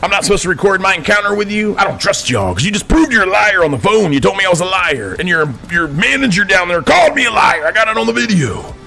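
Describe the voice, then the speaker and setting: A man, a veteran, delivering a preachy, indignant monologue to his viewers, calling them friends, swinging between quiet asides and outbursts. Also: sits high, expressive, fast talker, creaky, few pauses, soft background music. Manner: addresses listeners as friends constantly, indignant, swings between soft and shouting. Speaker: veteran vlogger.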